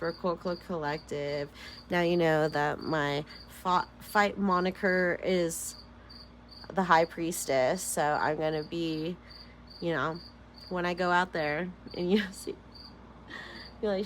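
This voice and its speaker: A woman's voice: fairly low pitch, a little slow, a bit bright, a little hiss or hum. Californian woman, chatty tarot vlogger, giggly and rambling, faint crickets outside. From Sacramento, California. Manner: rambling, giggly, says "like" constantly. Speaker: tarot reader. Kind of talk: casual tarot-reading vlog chat.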